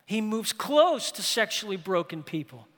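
Male pastor, bright forceful tone, dramatic sermon delivery in a big reverberant sanctuary. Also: high-pitched, big pitch swings, moderate pace. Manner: impassioned preaching, swinging from loud to hushed. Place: large church sanctuary. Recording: long reverb of a large hall.

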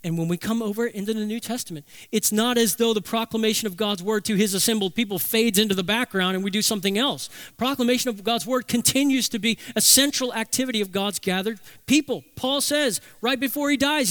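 A man preaching a sermon as pastor, emphatic, slowing down to stress key phrases. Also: high voice, fairly bright tone, no echo.

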